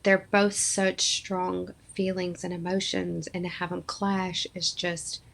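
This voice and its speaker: A woman in her thirties, from Arkansas, tells a deeply personal story as a podcast guest. Her voice sits fairly low and has a gravelly, creaky texture. She talks earnestly and acts out the words of the people in her story. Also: flat delivery, takes it slowly, a bit bright. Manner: earnest, emotional storytelling with acted-out quotes.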